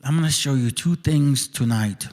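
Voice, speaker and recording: A man hosting his channel launches into a confrontational, profane rant aimed directly at people. His voice is mid-range with a darkish tone, at a normal speed.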